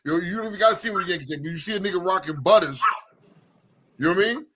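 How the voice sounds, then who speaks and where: New york city guy cohosting radio, animated slangy banter, slight hiss behind him. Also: high voice, rapid-fire. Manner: animated, slangy, cuts in and teases his co-host. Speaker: radio show co-host. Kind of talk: casual banter.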